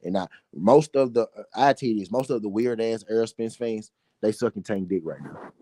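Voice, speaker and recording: A man's voice: on the low side, normal speed, dark tone. A man with a Southern US accent hosting a solo boxing talk show, ranting bluntly and profanely, repeating his points for emphasis. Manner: blunt, repetitive, heated and profane.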